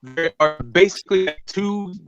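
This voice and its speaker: A man's voice: high voice, measured pace, soft background music. Man explaining boxing over dull audio. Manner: rambling, repeats words, hedges with "right?". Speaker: boxing pundit guest. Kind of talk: casual call-in discussion.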